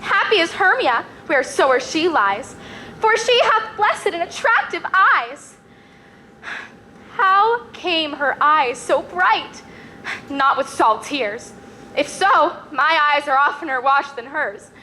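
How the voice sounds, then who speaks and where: A woman's voice: sits high, animated, slow, pushed and bright, a little hiss or hum, exaggerated voice. A young woman playing a lovesick, spurned maiden in a school stage play, pleading breathlessly in verse. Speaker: student actor.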